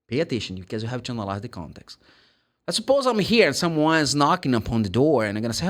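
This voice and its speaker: A man from Brazil with a Brazilian Portuguese accent, teaching English pronunciation in a casual, animated way, acting out little dialogues and spelling words letter by letter. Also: medium pitch, fast talker.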